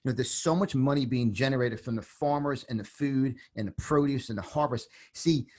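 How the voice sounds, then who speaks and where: A man's voice: medium pitch, brisk, darkish tone. Intense New York man in his fifties. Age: 50s. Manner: intense, emphatic, repeats phrases. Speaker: podcast guest. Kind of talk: impassioned political talk.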